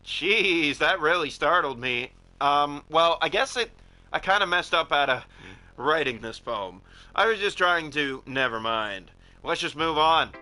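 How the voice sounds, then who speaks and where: A man's voice: on the high side, animated, unhurried, bright, forceful tone, exaggerated voice, low-quality recording. A man reading as a breezy teen club president. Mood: sheepish. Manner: breezy, confiding, casual. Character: confident, chatty teenage girl club president.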